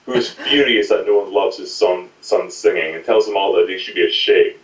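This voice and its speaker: A man's voice: low voice, brisk, a little hiss or hum. A man co-hosting a comedy podcast, rambling through a silly made-up story and giggling often. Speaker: podcast co-host. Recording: roomy, distant home mic.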